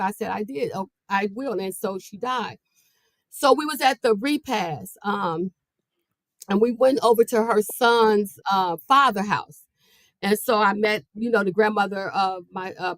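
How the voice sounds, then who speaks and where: A woman's voice: on the high side, dry recording. Earnest middle-aged woman telling her story. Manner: earnest, conversational, acts out quoted lines. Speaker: podcast host sharing her story. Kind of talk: personal storytelling.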